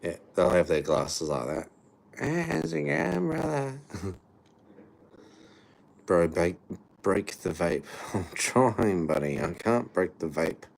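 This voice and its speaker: A man's voice: deep voice, a little slow. A man hosting a casual livestream chat, laid-back and profane, talking to viewers over a few beers.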